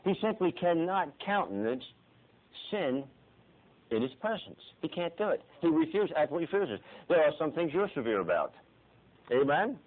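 A middle-aged man preaching a sermon dramatically, swinging from soft, hushed passages to pleading cries and repeating his phrases. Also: fairly high pitch, very animated, normal speed. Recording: tinny phone-like lo-fi recording.

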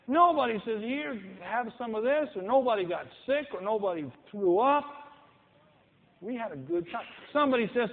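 A man's voice: high-pitched, big pitch swings, moderate pace. A man preaching a sermon with passion, acting out the people he quotes. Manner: impassioned, mimics people in quoted voices. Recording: echoey hall, tinny phone-like sound.

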